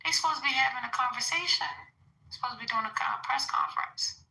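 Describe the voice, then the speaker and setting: A woman in a casual podcast chat, teasing and quick with retorts. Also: a little high, creaky, bright, forceful tone. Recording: roomy echo.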